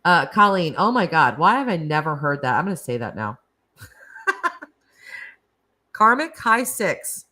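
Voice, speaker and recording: A woman's voice: sits low, sing-song, moderate pace, few pauses, bright, forceful tone. A woman hosting a casual live stream, chatting and laughing as she reacts to viewer comments. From United States. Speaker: livestream host.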